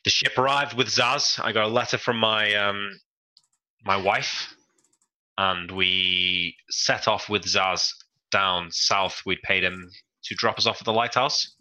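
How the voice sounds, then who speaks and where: A man's voice: lowish voice, fairly even intonation, takes it slowly, bright, forceful tone, heavily acted, poor audio. Man doing a northern English recap narrator. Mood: dramatic. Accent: northern English, put on. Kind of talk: mock trailer-style recap narration.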